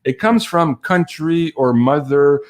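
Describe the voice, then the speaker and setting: A man's voice: a little high, expressive, takes it slowly. French Canadian man hosting a livestream. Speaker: livestream host. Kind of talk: casual chat on a livestream.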